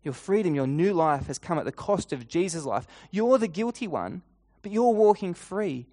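A man preaching a sermon, retelling a scene vividly in the second person and slowing down and softening his voice for emphasis. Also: sits high, lively intonation, no room sound, clean studio sound.

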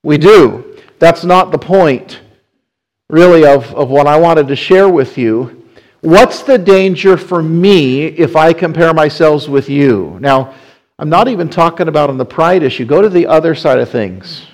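A man's voice: a little high, unhurried, darkish tone, rough recording. A man preaching in a church, talking in a conversational way, restarting phrases often as he explains. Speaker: pastor. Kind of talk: sermon.

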